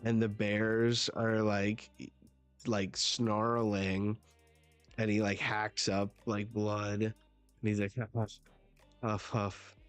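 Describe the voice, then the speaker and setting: A man reacting live to a new comic chapter, casual, excitable and swearing. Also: lowish voice, slow, clear, resonant tone, soft background music. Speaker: manga reaction streamer.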